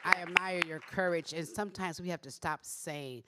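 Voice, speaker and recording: A woman's voice: lowish voice, moderate pace, a loud crowd, very noisy. A woman on a discussion panel, speaking emphatically and telling anecdotes to the audience.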